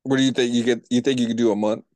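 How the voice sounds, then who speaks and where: A man's voice: mid-range voice, flat delivery, racing, darkish tone, no echo. A man co-hosting a casual podcast, laughing and asking teasing questions. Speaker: podcast co-host. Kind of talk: casual chat.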